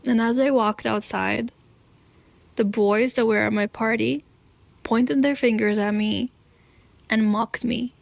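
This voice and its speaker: A woman speaks in a slightly high voice and tells her own story as a confessional. She talks slowly and deliberately, setting each short phrase apart. Her voice has a gravelly fry, and the recording is dry and close. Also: steady tone, no room sound. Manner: earnest, deliberate, pausing between short phrases.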